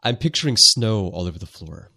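Male podcast host, very low voice, thoughtful and descriptive. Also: big pitch swings, fairly quick, vocal fry, pushed and bright, husky. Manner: thoughtful, descriptive, uses filler words. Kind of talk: casual chat.

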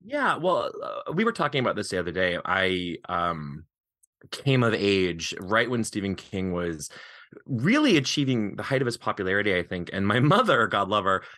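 Animated low-voiced man, lively chat. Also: dry recording, studio quality. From Eastern Montana. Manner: animated, laughs often, quick bursts. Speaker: podcast guest, author. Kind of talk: casual podcast chat.

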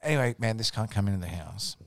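A man's voice: on the low side, lively intonation, quick pace, vocal fry, fairly bright tone, no room sound. An Australian man, a podcast guest, telling a rambling, profane anecdote in casual chat. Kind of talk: casual storytelling.

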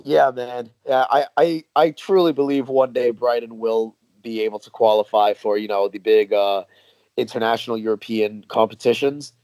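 A man's voice: medium pitch, fairly even intonation, moderate pace, a little mellow, no room sound. Laid-back New York American man. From New York, USA. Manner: laid-back, laughs often, slangy. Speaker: guest fan. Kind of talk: casual podcast chat.

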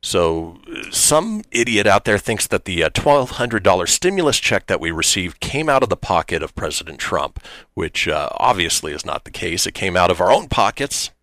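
Very deep-voiced, animated radio host man. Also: normal speed, no echo. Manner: loose and conversational, many uh fillers, wry. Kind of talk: casual radio talk.

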